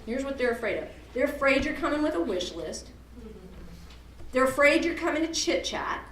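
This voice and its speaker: A woman with a fairly high voice leads an advocacy workshop, asking her audience questions and dropping joking asides. She is recorded from a distance in an echoey meeting room, with a faint hiss underneath. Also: very animated, moderate pace, fairly bright tone. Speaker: advocacy group director leading a workshop. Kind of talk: interactive workshop talk. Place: meeting room at a church event. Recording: roomy hall, from far off.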